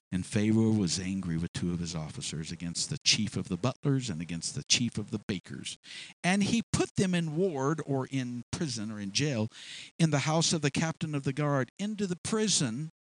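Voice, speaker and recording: A man preaching a sermon, retelling a story in an animated way with many restarts. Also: medium pitch, measured pace, no echo, poor audio.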